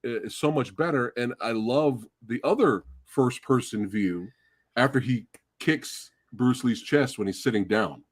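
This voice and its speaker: A man hosting a casual movie review chat, gushing and excitable, swearing freely. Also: medium pitch, a little slow, slightly rough, dry recording, studio quality. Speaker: podcast host.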